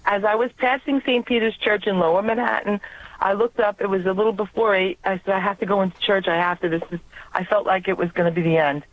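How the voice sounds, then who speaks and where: A woman's voice: medium pitch, fairly even intonation, quick pace, no echo. A woman with a New York accent calling in to a radio show, earnestly telling a personal faith story. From New York area. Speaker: radio caller. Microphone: telephone. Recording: tinny phone line.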